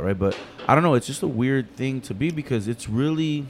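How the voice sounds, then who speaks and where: A man talking casually on a podcast, telling stories in a fast, animated, profane way. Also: medium pitch, soft background music. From United States.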